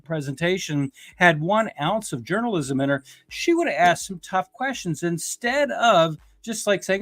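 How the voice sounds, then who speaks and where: A man's voice: high voice, animated, moderate pace, hardly any pauses, a bit bright, no echo. A man who is an attorney, giving blunt, emphatic criticism in a casual podcast discussion. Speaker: guest commentator, attorney.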